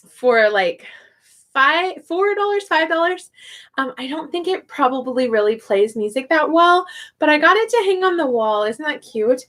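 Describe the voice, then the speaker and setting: A woman's voice: sits high, bright, forceful tone. A young woman, an online English teacher, chatting casually on a livestream and thinking aloud with frequent laughs.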